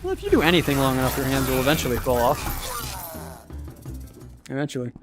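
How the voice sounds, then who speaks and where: A man's voice: medium pitch, huge pitch swings, quick pace. A young man livestreaming a game, tired after many hours and wryly joking with his viewers. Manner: wry, self-mocking, chatting to viewers while playing. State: tired from a very long stream. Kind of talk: casual livestream gaming commentary. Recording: game music playing behind.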